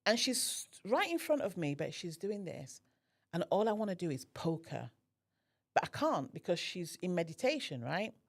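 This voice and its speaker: Her voice is on the low side and her pace is normal. As a podcast guest telling a personal story in conversation, she's animated and acts out how the other people sounded.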